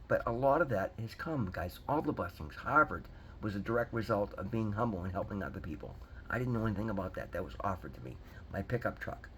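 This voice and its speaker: A man's voice: lowish voice, slight background noise, low-quality recording. Earnest rambling man in his fifties. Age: 50s. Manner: earnest, rambling, repeats words, addresses viewers as guys. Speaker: recovery vlogger. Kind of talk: casual motivational talk to camera.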